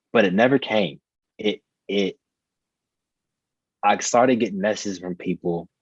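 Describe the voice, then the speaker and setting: A deep-voiced man in his thirties speaks earnestly and reflectively, leaning on repeated phrases for emphasis. His voice is husky, and the recording is dry and slightly muffled. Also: a little mellow, no room sound. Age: 30s. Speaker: podcast guest, author. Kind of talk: personal storytelling in conversation.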